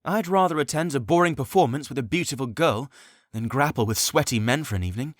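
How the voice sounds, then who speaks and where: A man's voice: mid-range voice, fast, no echo, voice pushed up, close to an everyday voice. Give me a man playing an earnest young hero in a hurry, dry close sound. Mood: eager. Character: eager 17-year-old male hero, earnest.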